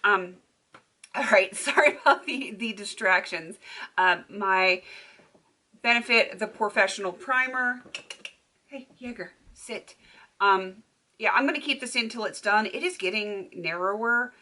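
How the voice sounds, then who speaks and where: A woman beauty vlogger chats to camera from her filming room at home. Her voice is bright and forward, and she sounds relaxed and unscripted. She laughs often as she goes. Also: medium pitch, a little slow. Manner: chatty, laughs often, baby-talks to her puppy. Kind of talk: casual chat to camera.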